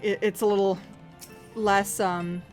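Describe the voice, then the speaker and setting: A woman from the United States streaming a game, chatting casually in a rambling, profane and animated way. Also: mid-range voice, measured pace. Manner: rambling, profane, animated, acts out quoted voices. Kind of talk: casual live-stream chat while playing. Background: faint game music.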